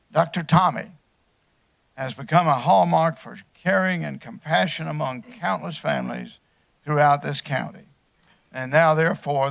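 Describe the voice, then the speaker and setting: A man, chairing a council meeting and reading a formal proclamation in a measured way. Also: on the high side, gravelly, a bit bright. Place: council chamber.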